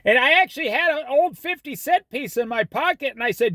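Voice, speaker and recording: A middle-aged man with a high, lively voice gives folksy, preachy advice and tells stories. The sound is dry and close, with no room around it. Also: a little fast, few pauses, no room sound. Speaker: host. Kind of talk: casual monologue.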